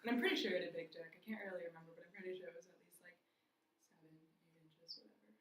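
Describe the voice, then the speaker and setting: A young woman telling stories in a casual chat, animated and often laughing. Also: on the low side, racing. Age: young adult. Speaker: guest. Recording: echoey room from a distance.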